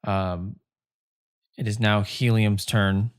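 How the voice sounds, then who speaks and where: A man narrating as game master of a tabletop game, slow and halting with many fillers. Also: fairly low pitch, fairly even intonation, clear, resonant tone, no echo, clean studio sound.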